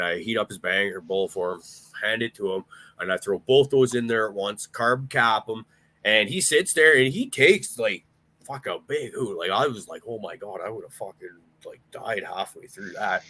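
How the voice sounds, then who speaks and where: Young guy rambling thru a story, lots of swearing, bright punchy voice. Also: deep voice. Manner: rambling, swears a lot, restarts often. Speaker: podcast host. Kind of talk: casual storytelling.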